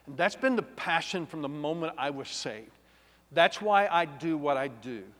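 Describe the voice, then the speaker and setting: A man, a pastor giving an emotional personal testimony, swinging between loud and hushed. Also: a little high, lively intonation, moderate pace. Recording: long reverb of a large hall.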